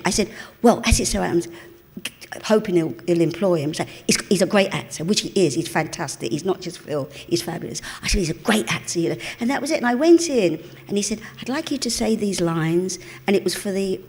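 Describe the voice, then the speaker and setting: Before an audience in a cinema auditorium, an East End-born actress in her seventies with a Cockney accent gives a live on-stage interview as the guest, telling anecdotes and performing the voices of those she quotes. Her voice is mid-range, a little fast, with lively intonation.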